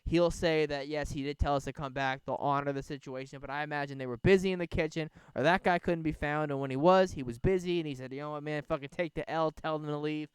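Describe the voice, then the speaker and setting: A man's voice: on the high side, quick pace, hardly any pauses, clean tone, no room sound. A young man hosting a podcast, telling a rambling, profane story in casual chat outdoors. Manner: rambling, profane, animated retelling. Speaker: podcast host. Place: outdoors by a bonfire. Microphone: podcast microphone.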